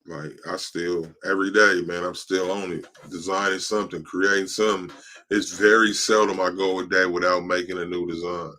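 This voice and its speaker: A man with a very low voice that barely rises or falls talks about his design work in loose, laid-back phrases. He has the hiccups and keeps breaking off. It is an unhurried podcast conversation. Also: little pitch movement, bright, forceful tone. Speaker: podcast guest, t-shirt designer. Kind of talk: casual podcast chat.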